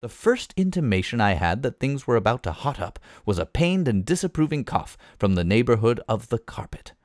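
A man reading a comic novel aloud, lively and expressive in his storytelling. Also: mid-range voice, brisk, dry recording, clean studio sound. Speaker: reader.

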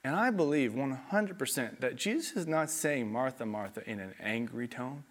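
Lively, animated male preacher. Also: medium pitch, normal speed. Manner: animated storytelling, acts out quoted voices. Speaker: pastor. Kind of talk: sermon.

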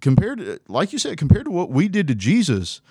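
A man's voice: a little high, huge pitch swings, a little fast, darkish tone, slightly rough, dry recording, studio quality. A man co-hosting a casual faith discussion, talking earnestly and conversationally.

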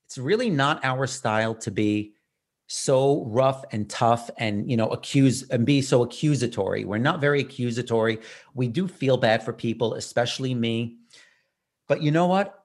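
Brief: male podcast host at an average pitch, casual, animated, self-mocking storyteller. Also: normal speed.

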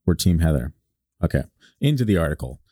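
A man's voice: rumbling low, very animated, fairly quick, mellow, dry recording, clean studio sound. A man from Alaska co-hosting a podcast, joking and laughing as he reads an old newspaper article aloud. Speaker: podcast co-host. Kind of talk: casual chat, reading an old article aloud.

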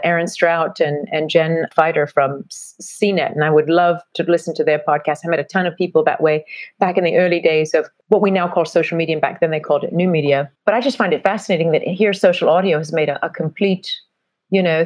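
A woman's voice: sits low, no room sound. A middle-aged woman guest with a mix of British and American accent, telling stories in a rambling, reflective way during an interview. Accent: mixed British and American. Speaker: guest, marketing strategist. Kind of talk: conversational interview.

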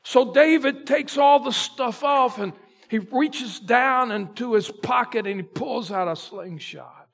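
A male pastor preaching a sermon, retelling a story dramatically and swinging between loud emphasis and a near hush. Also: very high-pitched, a little slow, vocal fry.

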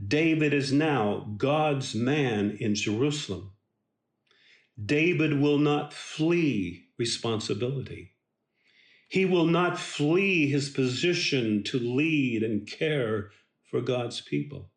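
Man, devotional Bible teaching, slow and deliberate, emphatic, roomy echo. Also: medium pitch, animated. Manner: slow, emphatic, earnest delivery.

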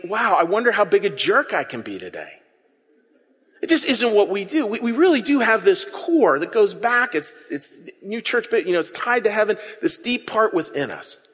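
Animated male preacher in a reverberant hall. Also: sits high. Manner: animated, conversational preaching with audience call-and-response. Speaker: pastor. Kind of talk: sermon.

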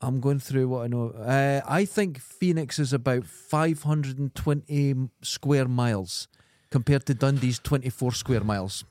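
A man's voice: mid-range voice, unhurried, few pauses, a little mellow, no room sound. A man, co-hosting a podcast, trading dry quips and jokes. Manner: dry quips and joking back-and-forth. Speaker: podcast co-host. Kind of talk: casual chat.

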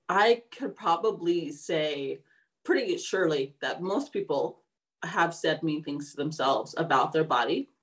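A middle-aged woman co-hosting a podcast, speaking earnestly and encouragingly in casual chat. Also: on the low side. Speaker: podcast co-host.

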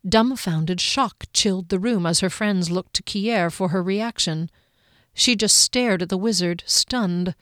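A woman reading a fantasy novel aloud in a measured storytelling voice. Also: mid-range voice, fairly bright tone, no room sound, studio quality. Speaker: audiobook narrator. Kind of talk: scripted fantasy narration.

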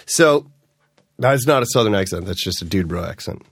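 A man hosting a podcast in a casual, rambling monologue, animated and swearing freely as he jumps between topics. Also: lowish voice, normal speed, slight background noise. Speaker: podcast host.

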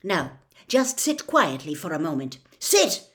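A woman's voice: fairly low pitch, lively intonation, normal speed, lightly acted. A woman voicing a fussy school nurse who scolds as she bustles about. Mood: scolding.

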